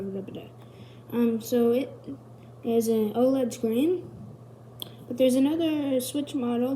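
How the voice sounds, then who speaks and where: Rambling higher-voiced woman explaining gadgets. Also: background noise. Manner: rambling, self-correcting, chatty. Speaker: video host. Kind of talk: casual tech explainer.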